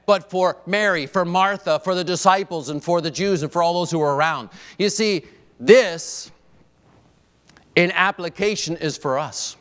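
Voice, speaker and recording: A man's voice: sits high, a bit bright. A man preaching a sermon, emphatic, stressing points by repeating phrases. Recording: long hall reverb.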